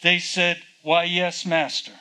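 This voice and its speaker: A man's voice: high-pitched, flat delivery, slow, pushed and bright, clear, resonant tone, rough recording. A man preaching a sermon, teaching from the Bible in a conversational way, reading verses aloud and asking rhetorical questions.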